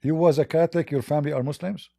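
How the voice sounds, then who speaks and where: A man with a very dark, mellow voice hosts a live call-in debate. He talks haltingly, restarting and repeating words as he presses his caller with blunt questions. The sound is dry and close. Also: fairly high pitch, steady tone, vocal fry, no echo. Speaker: debate host.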